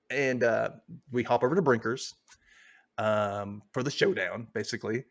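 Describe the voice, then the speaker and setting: A man's voice: on the low side, moderate pace. A man hosting a podcast, casually retelling a TV episode with lots of fillers and asides. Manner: loose, rambling retelling with many fillers. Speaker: podcast host recapping a TV episode. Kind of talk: casual recap chat.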